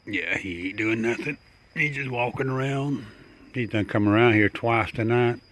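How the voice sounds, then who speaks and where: Outdoors at night, a man with a mid-range, slightly bright voice talks casually and coaxingly to an animal at a moderate pace, chuckling and repeating himself. He's a backyard wildlife videographer.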